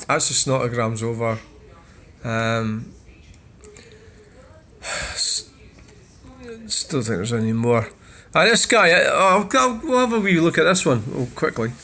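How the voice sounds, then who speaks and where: A man's voice: medium pitch, bright, forceful tone. A Scottish man hosting a vlog, bluntly and swearily reacting to viewer comments. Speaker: channel host.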